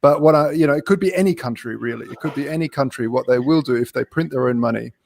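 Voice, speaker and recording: A man's voice: mid-range voice, fast talker, creaky, a little mellow, a little hiss or hum. A man on a discussion panel, talking animatedly with some stammering and acted-out quotes. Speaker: panel guest. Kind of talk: casual discussion.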